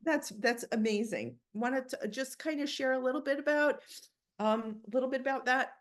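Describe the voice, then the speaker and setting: A woman's voice: sits high, normal speed. A woman hosting an online book interview on a video call, effusive and emotional in her praise. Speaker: interviewer and book club host.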